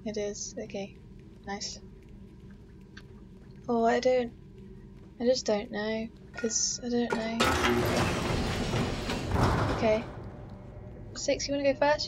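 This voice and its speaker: Woman doing let's play commentary, kinda high voice, talks to herself and swears a lot, noisy muffled mic. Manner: chatty self-talk, swearing and exclaiming. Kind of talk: casual gameplay commentary. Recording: dull lo-fi mic with steady background noise.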